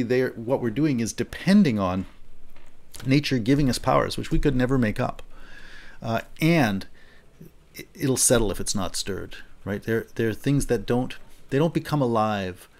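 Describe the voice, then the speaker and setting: A middle-aged man giving a recorded philosophy lecture in a thoughtful, conversational way, often restarting and checking in with "right?". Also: medium pitch.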